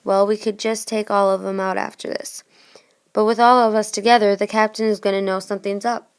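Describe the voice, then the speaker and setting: A woman's voice: medium pitch, flat delivery, brisk, clean tone, natural voice. Scheming pirate cook, brash and sly, voiced by a woman; storybook. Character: scheming male pirate ship's cook, friendly on the surface.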